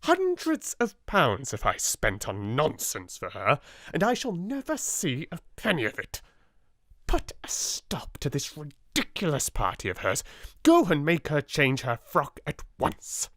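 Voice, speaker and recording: A man's voice: fairly high pitch, wildly swooping pitch, unhurried, fairly bright tone, no echo, clean studio sound, pitched above the performer's own voice, exaggerated voice. A man with a British accent voicing a fierce, bitter middle-aged headmistress who snaps out harsh commands in a raised voice. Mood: furious. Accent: British English. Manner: harsh, commanding, sharply rising.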